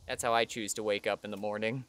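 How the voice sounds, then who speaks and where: Slow-talking man streaming a game. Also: lowish voice, a bit bright. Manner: chatty, talks to the game character and himself, self-mocking. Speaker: streamer playing a video game. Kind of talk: casual let's-play commentary.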